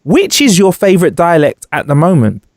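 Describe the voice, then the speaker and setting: A man's voice: on the high side, huge pitch swings, normal speed, darkish tone, dry recording, studio quality. A man hosting a podcast, asking a guest questions in a casual, upbeat way. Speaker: podcast host.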